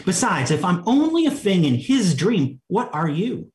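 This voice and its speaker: A man's voice: medium pitch, very animated, a little slow. A man voicing Alice, an earnest, indignant young girl, in a raised, plaintive tone during a sermon reading.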